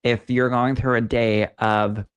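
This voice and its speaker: A man's voice: mid-range voice, little pitch movement, measured pace, clear, resonant tone, lo-fi sound. Man, podcast co-host, casual chat, sassy and affectionate, reads out comments. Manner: warm, affectionate, sassy asides. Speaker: podcast co-host and psychic medium. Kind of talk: casual chat, reading listener comments aloud.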